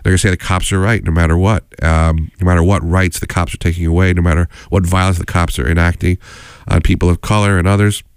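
A man's voice: sits low, little pitch movement, fast talker, smooth, dry recording. A man hosting a community radio show, talking unscripted in a rambling, digressive, earnest way from a radio studio.

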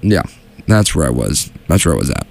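A man's voice: a bass voice, sing-song, fairly quick, creaky, darkish tone. A young man hosting a solo show from a small studio, chatting casually and rambling with lots of fillers and restarts. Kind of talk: casual solo radio chat.

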